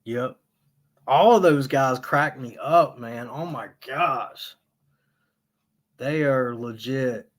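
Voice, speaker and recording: A man hosting a casual live stream, rambling and laughing a lot as he retells funny stories, sometimes jumping into high squealing impressions and swearing freely. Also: slow, pauses often.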